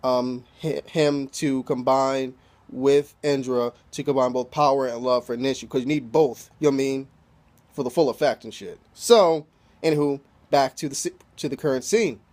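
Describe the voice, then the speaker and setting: A man's voice: mid-range voice, moderate pace, darkish tone. A man casually recapping an anime episode, loose and profane, packing his talk with "you know" fillers. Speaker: anime reviewer.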